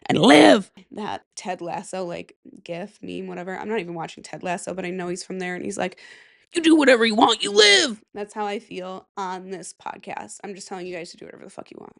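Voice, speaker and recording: A woman's voice: fairly low pitch, level tone, fast, vocal fry, few pauses. A young woman from Michigan hosting a casual solo podcast, nasal and stuffy from a cold, rambling and giggling at herself at her desk mic. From Michigan, USA. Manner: rambling, giggly, self-mocking. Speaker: podcast host. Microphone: desk microphone.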